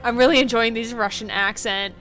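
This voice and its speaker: Giggly, high-voiced woman streamer. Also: a little fast, faint music behind. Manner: giggly and excitable, swears freely. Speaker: streamer playing a video game. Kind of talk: casual live-stream chat.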